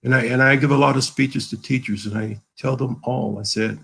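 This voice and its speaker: A man from the American South, a guest author telling personal stories in an earnest, halting way, with many fillers, over a video call. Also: mid-range voice, steady tone, gravelly, fairly bright tone, husky, low-quality recording. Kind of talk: emotional personal storytelling.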